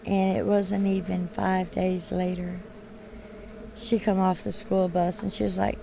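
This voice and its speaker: A woman in her thirties, a gaming streamer telling a story casually over gameplay, blunt and quick to swear. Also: lowish voice, flat delivery, gravelly, background noise.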